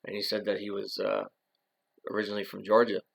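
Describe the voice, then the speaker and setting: A man with a low, gravelly voice talks on his own in a casual monologue. He rambles, often circling back and restarting his sentences. His talk is loaded with fillers like "uh" and "you know.". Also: monotone, fast, poor audio. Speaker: channel host.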